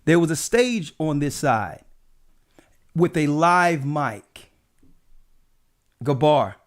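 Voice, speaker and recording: A man's voice: fairly high pitch, expressive, drawn-out words. A man, an elder of a church, telling personal stories in a casual chat, with frequent "right?" asides.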